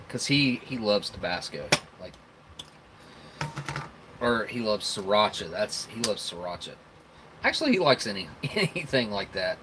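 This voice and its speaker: With background noise behind him, a man with a medium-pitched voice and a Southern rural American accent hosts a casual live stream. He rambles and chuckles while sampling snacks, talking with his mouth full.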